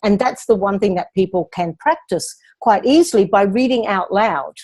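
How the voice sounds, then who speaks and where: A woman speaking coach explains her ideas in a calm, measured way. Her voice sits a little low and rounded. She teaches patiently, as in a question-and-answer session. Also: breathy edge. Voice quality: lowish, resonant speaking voice.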